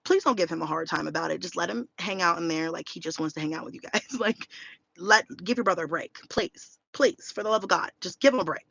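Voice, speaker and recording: A woman in her thirties telling a story in a casual vlog rant, blunt and animated, swearing freely. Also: fairly low pitch, fast talker, creaky, slightly rough, no echo, lo-fi sound. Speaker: vlogger.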